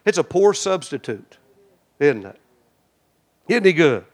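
A man with a high-pitched voice preaches a sermon. His delivery swings from loud and emphatic to hushed and intimate. He keeps a folksy, direct tone with the congregation. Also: big pitch swings, slow.

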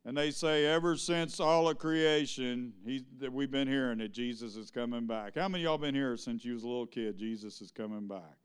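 A man's voice: medium pitch, a little fast, few pauses, smooth. A male pastor preaching a sermon, throwing questions at the congregation and asking them to answer.

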